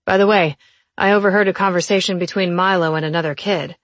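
A woman's voice: lowish voice, steady tone, fast, dry recording, close to an everyday voice. A woman reading the part of a plain-spoken male police officer, an older brother who grumbles. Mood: flat.

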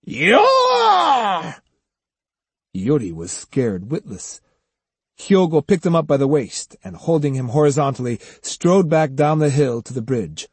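A man narrating an audiobook with a lively, swooping delivery. His voice is dark and husky, recorded close and dry. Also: medium pitch, normal speed, no room sound. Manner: expressive, acts out each character. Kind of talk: scripted narration.

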